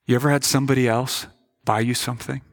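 A man's voice: mid-range voice, steady tone, quick pace. A man preaching a sermon as a pastor, earnest and questioning, often repeating words as he stresses a point.

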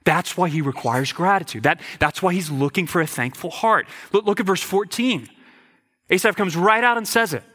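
A man's voice: high-pitched, moderate pace, pushed and bright. A man preaching a sermon, emphatic, posing rhetorical questions and often repeating words as he goes. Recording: reverberant hall.

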